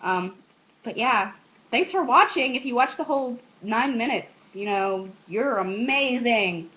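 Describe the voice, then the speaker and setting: A woman's voice: on the high side, animated, unhurried, highs cut off. A young American woman with an American accent, chatting casually in a rambling, self-mocking way. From United States. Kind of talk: casual vlog chat.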